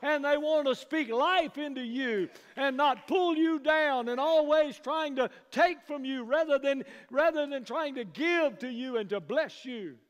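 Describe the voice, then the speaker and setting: A man preaching a sermon as pastor, building from hushed passages to loud praise. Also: extremely high pitch, a little slow, few pauses. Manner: preaching, rising to shouts of praise. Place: church sanctuary. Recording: long hall reverb.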